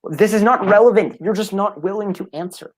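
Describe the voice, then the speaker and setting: A man's voice: sits high, brisk. Insistent man pressing a debate opponent. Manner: insistent, pressing, repeats demands. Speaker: debater arguing against a belief. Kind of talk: heated live debate.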